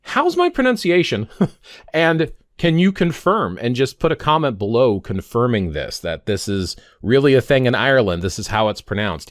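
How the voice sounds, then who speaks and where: A man's voice: fairly low pitch, dry recording, studio quality. A man in his fifties talking casually to camera in a vlog, rambling and often stopping to correct himself. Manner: rambling, self-correcting, stumbles on words. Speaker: pagan vlogger.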